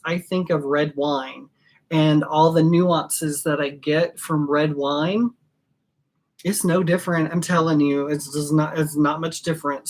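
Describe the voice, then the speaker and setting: Slow, low-voiced woman gushing over perfume. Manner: gushing, emotional, chatty and digressive; spells out ingredient names letter by letter. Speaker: perfumer teaching fragrance blending. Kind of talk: casual home-studio tutorial.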